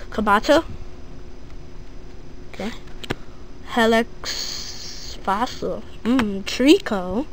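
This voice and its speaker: A woman casually narrating a card-opening video, gushing and excitable, reading off each find as she goes. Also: medium pitch, slight background noise. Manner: gushing, excitable, breaks into squeals; lists items slowly, thinking aloud.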